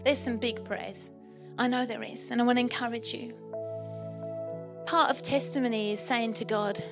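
Impassioned high-voiced woman preaching. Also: steady tone, fast talker, music in the background. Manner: impassioned, rousing, acts out quoted voices. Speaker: pastor. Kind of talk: sermon.

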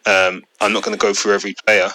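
A blunt, opinionated man co-hosts a casual football podcast and swears freely. His voice is rather low but strikingly bright and forceful. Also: level tone, quick pace, rough recording. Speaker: podcast co-host.

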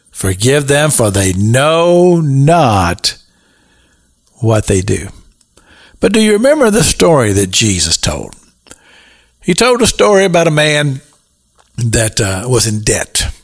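A man preaching a slow, emphatic radio sermon that rises to fervent peaks. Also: medium pitch.

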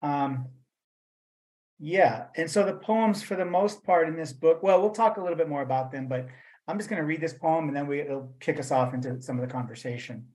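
A man reading his own poems and then talking about them, in a measured voice for the verse and a loose, rambling one with fillers for the talk, over a video call. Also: a little high, darkish tone, rough recording. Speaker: poet reading his work. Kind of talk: poetry reading and talk at a virtual event.

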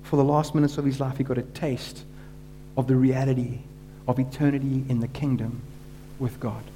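Mellow-voiced man preaching a dramatic retelling. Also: mid-range voice, little pitch movement, moderate pace, slight background noise. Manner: dramatic retelling, voice rising and dropping to a hush for quoted words. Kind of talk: sermon storytelling.

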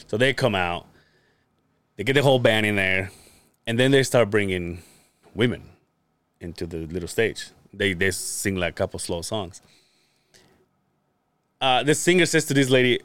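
A man on a casual podcast telling a story in animated fashion, laughing often and swearing freely. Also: fairly low pitch, a little fast. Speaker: podcast co-host. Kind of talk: casual chat.

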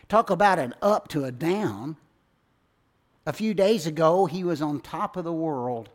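A man preaching a sermon in a slightly high voice. He builds to loud, emphatic lines and then lets his phrases sink low and quiet. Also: expressive, a little slow. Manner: dramatic swings between loud emphasis and hushed low endings. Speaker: pastor.

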